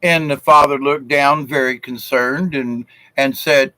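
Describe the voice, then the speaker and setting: A man's voice: mid-range voice, steady tone, measured pace, bright, forceful tone, dry recording, rough recording. A man from South Georgia, telling jokes in a folksy, chuckling way on a live stream. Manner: folksy and chuckling, with frequent fillers. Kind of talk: casual joke-telling chat.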